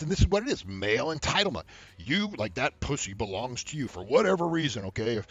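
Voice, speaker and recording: A husky man rants bluntly about dating to camera, his pitch swinging widely as he mimics others with a mocking tone. He swears freely and laughs between points. The sound is dull and lo-fi. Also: no echo. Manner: blunt and profane, acts out quotes in high mocking voices, laughs often. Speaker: dating advice host. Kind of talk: casual advice rant to camera.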